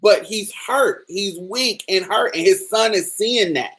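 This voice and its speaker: A woman's voice: mid-range voice, unhurried, few pauses, husky. A woman podcast host giving casual film commentary, emphatic and profane, acting out the characters' lines as she talks.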